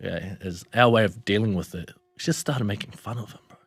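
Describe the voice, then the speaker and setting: A man's voice: on the low side, expressive, fairly quick, fairly bright tone, husky, dry recording. A young man with a New Zealand accent, a podcast guest telling a personal story in a laid-back way, swearing and calling people "bro". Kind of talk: casual storytelling.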